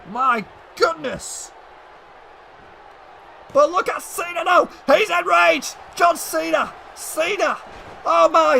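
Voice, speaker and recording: A man giving excited play-by-play commentary on a wrestling video game, often shouting and addressing the audience as ladies and gentlemen. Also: extremely high pitch, gravelly, a little hiss or hum.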